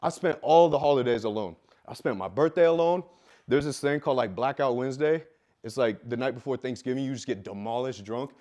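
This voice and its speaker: A man's voice: medium pitch, brisk. Intense, profane man telling his story. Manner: profane, intense, swings from quiet to loud; loud, self-described. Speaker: fitness business coach telling his life story. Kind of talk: raw personal storytelling.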